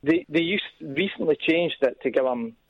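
A man's voice: fairly high pitch, normal speed, no room sound, lo-fi sound. A man with a Scottish accent who has called in to a radio show and chats in a rambling, hesitant way, full of asides. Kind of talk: casual radio chat.

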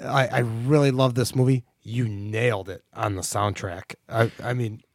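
A man's voice: medium pitch, fairly even intonation, moderate pace, dry recording, clean studio sound. Enthusiastic man co-hosting a podcast. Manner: enthusiastic, restarts often. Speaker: podcast co-host. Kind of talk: casual movie chat.

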